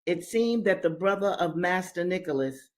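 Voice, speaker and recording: A woman's voice: lowish voice, expressive, normal speed. A woman reading a slave narrative aloud with her own commentary, speaking emphatically and directly to her listeners. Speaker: reader and commentator.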